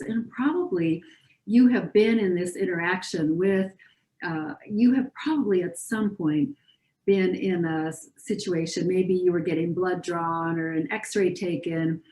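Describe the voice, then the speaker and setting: A woman clinician giving an educational talk, speaking calmly and reassuringly and modeling soothing phrases for patients. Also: lowish voice, unhurried, roomy sound. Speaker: pediatric clinician presenter.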